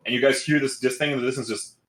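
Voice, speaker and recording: A man acting as dungeon master, narrating a tabletop game in a loose, rambling way. His voice sits at an ordinary pitch and carries a roomy echo, as if recorded on a home mic. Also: fairly even intonation, very fast, fairly bright tone.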